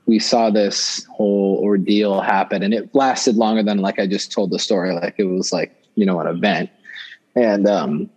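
A young man tells a story in a slightly low voice. He rambles, piles on fillers and keeps restarting sentences as he goes. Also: a little mellow, breathy edge, low-quality recording. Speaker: guest storyteller. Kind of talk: casual storytelling.

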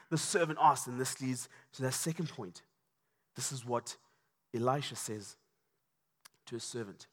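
A man preaching a sermon, passionate and repetitive, building to shouts. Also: medium pitch, fairly even intonation, a little slow, pauses often. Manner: impassioned, repetitive, rising to shouts. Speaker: pastor.

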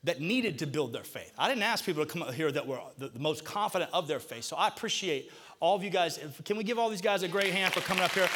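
Amid crowd noise, a male pastor with a high-sitting voice preaches fast in church. He animatedly gets the congregation to echo scripture lines in a call-and-response sermon.

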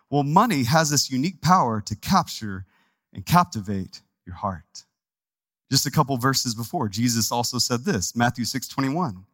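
A man from Texas, a pastor preaching a sermon in a conversational, animated way, with asides to the congregation. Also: medium pitch, no echo. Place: church sanctuary.

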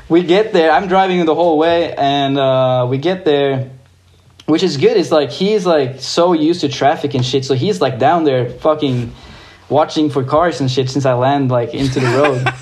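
A young man from Norway, a guest skateboarder, telling a story in a casual, excited way, swearing freely and using lots of fillers. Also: a little high, unhurried.

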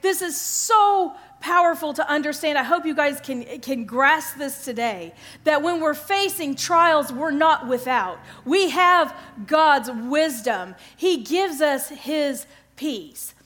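A middle-aged woman giving an earnest devotional Bible teaching, often pausing to check in with her listeners. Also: sits high, lively intonation, a bit bright. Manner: earnest, keeps checking in with "okay?".

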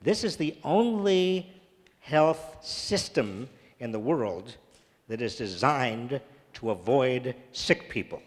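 A man's voice: medium pitch, lively intonation, slow. A man speaking at a public talk and answering audience questions, earnest and emphatic, repeating phrases for stress. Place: large church hall. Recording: reverberant church hall.

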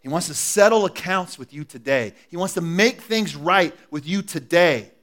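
Brief: male pastor preaching live in church, slightly high voice, hushed passages building to loud emphasis. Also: moderate pace. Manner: swings from hushed and intimate to loud and emphatic, coaxing the congregation. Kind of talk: sermon. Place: church service before a congregation. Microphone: live sermon recording.

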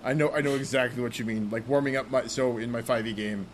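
A man's voice: mid-range voice, steady tone, fast, slight background noise. A young man co-hosting a casual podcast about role-playing games, rambling with many fillers. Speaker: podcast co-host.

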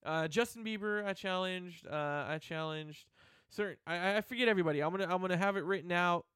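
A man hosting a rock radio show, talking fast and teasing his co-host. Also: high voice, fairly bright tone, clear, resonant tone, dry recording, studio quality. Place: radio studio.

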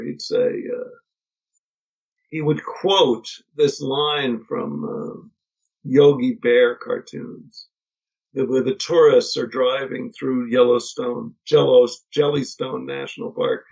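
Gravelly middle-aged man, reflective storyteller. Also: mid-range voice, fairly even intonation, darkish tone. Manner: reflective storytelling with many pauses and restarts. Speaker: podcast guest. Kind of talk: casual conversation. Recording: dull lo-fi podcast audio.

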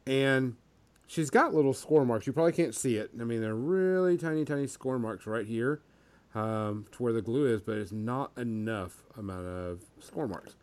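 A man of middling pitch hosts a laid-back hobby talk show. He rambles through his points with plenty of ums and uhs. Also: normal speed, a little mellow. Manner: rambling, many fillers. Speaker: podcast host. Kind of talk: casual hobby chat.

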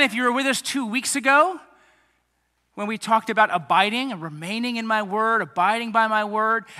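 A man preaching a sermon to a young congregation, animated and speaking straight to them. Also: high voice, big-room sound. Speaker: pastor.

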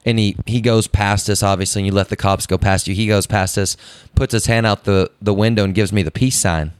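A man on a casual podcast, telling a story in an animated way and laughing as he goes. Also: on the low side, brisk, clear, resonant tone, no room sound.

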